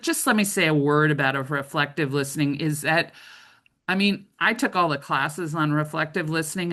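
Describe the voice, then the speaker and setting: A woman's voice: deep voice, a bit bright. A middle-aged woman trainer giving a conversational training lecture, often checking in with "right?".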